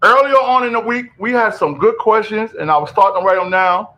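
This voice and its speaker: A man hosting a radio show in casual, animated chat, calling out to his co-hosts and listeners. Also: high-pitched, rough recording. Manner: animated, loud, quick repeated calls of "yo".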